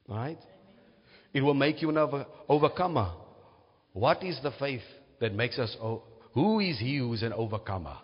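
A man's voice: medium pitch, expressive, normal speed, slightly rough. A man preaching a teaching sermon, often checking in with his listeners. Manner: teaching, asks "right?" to check understanding. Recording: muffled, reverberant hall.

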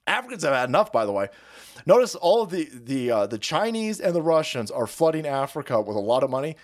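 A man's voice: on the high side, big pitch swings, a little fast. Swearing, sarcastic male stream ranter. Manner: sarcastic, swears constantly, laughs mid-sentence. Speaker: livestream host. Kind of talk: profane ranting commentary.

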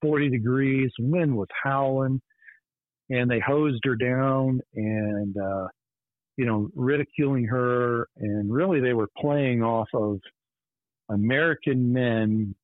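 A man's voice: mid-range voice, takes it slowly, no echo. Podcast host guy telling his story, earnest and intense, sounds like a phone line. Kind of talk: personal storytelling. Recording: tinny phone-like line, dry.

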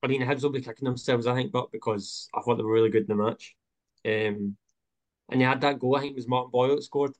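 A man's voice: mid-range voice, steady tone, fast talker. A man hosting a casual football podcast, talking with many hesitant fillers. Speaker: podcast host.

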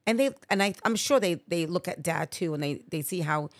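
A woman's voice: lowish voice, fairly quick, no echo, studio quality. A woman in her sixties, a mother chatting about family on a remote podcast setup, rambling with lots of "you know" fillers and restarts. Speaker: guest, mother of the hosts. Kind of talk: casual family chat.

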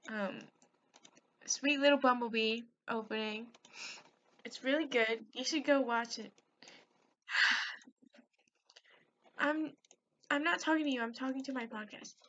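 A woman's voice: fairly high pitch, a bit bright, highs cut off, slight background noise. A woman hosting her own podcast, giggly and rambling, recapping a video with lots of fillers and swearing. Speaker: podcast host. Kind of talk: rambling solo podcast chat. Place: at home, on a call with a friend.

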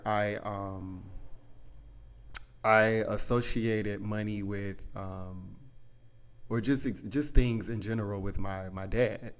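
A man's voice: on the low side, smooth. A man hosting a podcast, telling a personal story in a candid, rambling way full of "like" and "you know", with casual swearing. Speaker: podcast host.

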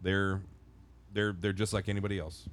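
Guy on a podcast telling a long winded story, kinda low voice, lots of restarts. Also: level tone, moderate pace, slight background noise. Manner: rambling, self-correcting anecdote. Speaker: podcast co-host. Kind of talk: casual chat, storytelling.

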